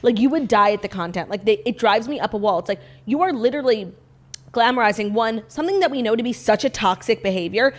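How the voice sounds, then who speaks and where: A woman's voice: on the high side, animated, fast. A woman co-hosting a laid-back gossip show, chatting freely and sprinkling "like" through her talk. She builds into opinionated rants about the news of the day. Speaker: podcast co-host. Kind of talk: casual gossip chat.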